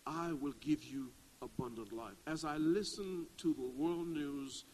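A middle-aged male pastor preaching a sermon, dropping to a hush and then climbing to loud, rising exclamations. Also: fairly high pitch, measured pace, a little hiss or hum, low-quality recording.

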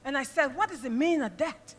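A woman preaching an impassioned sermon in a church, moving from quiet storytelling to shouted praise. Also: high-pitched, lively intonation, quick pace. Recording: reverberant church hall with music behind.

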